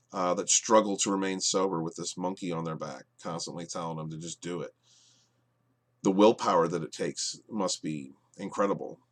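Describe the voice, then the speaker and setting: Guy ranting a tv review, low voice, lots of uhs and restarts, gets loud when annoyed. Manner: exasperated, swings from low mutters to loud outbursts; many fillers and restarts. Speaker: podcast reviewer.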